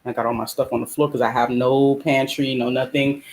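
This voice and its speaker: A woman's voice: very deep voice, fairly quick, slight background noise. A middle-aged woman, venting bluntly in a casual vlog and touring her small apartment on a phone camera. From United States. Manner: venting, blunt, animated, laughs often. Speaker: vlogger. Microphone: phone camera held by speaker.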